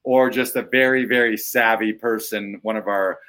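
A man's voice: fairly low pitch, steady tone, moderate pace, fairly bright tone. A man hosting a podcast, chatting casually and riffing animatedly on bits with his co-host.

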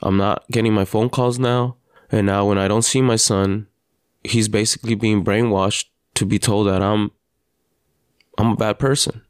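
Man, podcast host, father, personal monologue, earnest and halting, fairly low voice. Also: steady tone, smooth, dry recording, clean studio sound.

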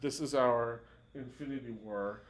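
A man's voice: mid-range voice, unhurried. This is a man with a middle-of-the-road voice, co-hosting a chatty podcast. He rambles through a show's plot with constant fillers and false starts. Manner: rambling retelling full of "like" fillers and restarts. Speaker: podcast co-host. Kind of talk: casual chat recapping a TV show.

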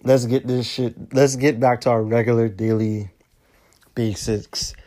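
Hosting his own show, a tired, yawning man delivers a laid-back, drowsy casual monologue, swearing heavily and ending sentences with "man." He has a warm, medium-pitched voice with a steady tone and measured pace.

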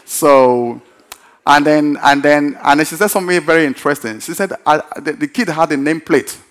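A male pastor telling a story in a sermon, animated and repetitive, often breaking into laughter. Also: fairly high pitch, moderate pace.

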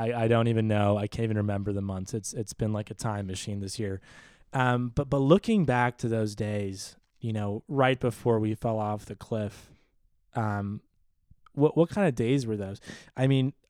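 A man co-hosting a podcast, telling a long story in casual, animated chat that stammers and restarts often. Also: on the low side, moderate pace, clean tone, no room sound, clean studio sound. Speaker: podcast co-host.

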